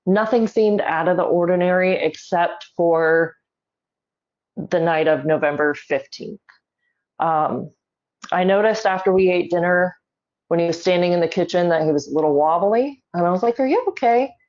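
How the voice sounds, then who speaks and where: A middle-aged woman telling a personal story in an interview, measured and emotional, holding back tears. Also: on the low side, a little mellow, lo-fi sound. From South Carolina, US. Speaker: guest.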